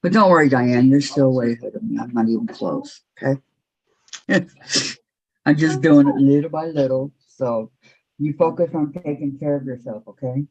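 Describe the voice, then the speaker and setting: A woman's voice: a bass voice, moderate pace, a little mellow, husky. A woman hosting a quilting group's video call, chatty and reassuring, laughing often. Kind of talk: casual video call chat. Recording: dull lo-fi video call audio.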